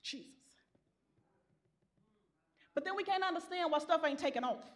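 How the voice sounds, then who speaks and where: High-voiced woman preaching with fervor. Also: moderate pace. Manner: impassioned call-and-response preaching, swinging from soft to loud. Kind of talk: sermon.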